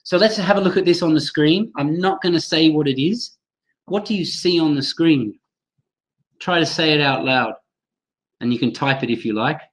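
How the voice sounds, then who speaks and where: A man's voice: fairly high pitch, normal speed, low-quality recording. A man running a live webinar for teachers, speaking enthusiastically, calling on attendees by name and modelling pronunciation aloud over a computer mic. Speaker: teacher trainer hosting a webinar.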